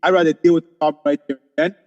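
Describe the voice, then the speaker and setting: A man co-hosting a casual podcast discussion, emphatic and opinionated, talking in quick bursts. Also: a little high, steady tone, darkish tone, in a large hall, dull audio. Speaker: podcast co-host.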